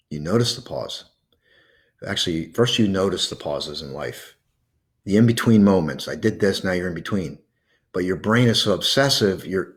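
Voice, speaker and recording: A man with a low, deep voice leads a slow breathing exercise. He coaxes gently and lets soft pauses hang between his words. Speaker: host guiding a calming exercise. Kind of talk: guided breathing meditation.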